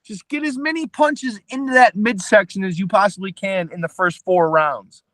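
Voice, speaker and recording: High-voiced man breaking down a fight. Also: moderate pace, fairly bright tone, dry recording. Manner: analytical, hesitant restarts. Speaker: podcast co-host. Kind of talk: casual boxing chat.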